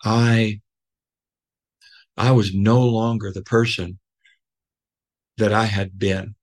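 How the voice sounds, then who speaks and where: Slow-talking earnest man. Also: on the low side, little pitch movement. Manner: halting, with many fillers and restarts; earnest, emotional. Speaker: podcast guest. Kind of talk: personal storytelling.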